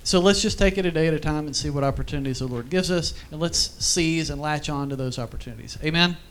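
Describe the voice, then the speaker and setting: A man with a slightly high, fairly bright voice speaks fast, giving an informal church teaching. He tells stories in a chatty, conversational way, full of fillers and asides. At one point he briefly gets emotional and chokes up.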